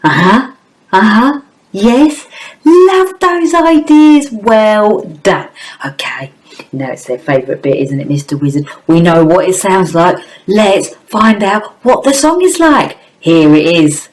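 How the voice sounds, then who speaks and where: A woman's voice: on the low side, animated, measured pace, rough recording. A woman teacher giving a phonics lesson to young children, in an exaggerated, coaxing sing-song. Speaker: primary school teacher.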